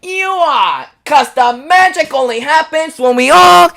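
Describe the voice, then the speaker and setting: A giggly cartoon mouse mascot with a voice pushed high and bouncy, as a streamer imitates him. It sounds like show-host cheer that has been stretched upward. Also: expressive, measured pace, creaky, bright, forceful tone, exaggerated voice. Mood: cheery.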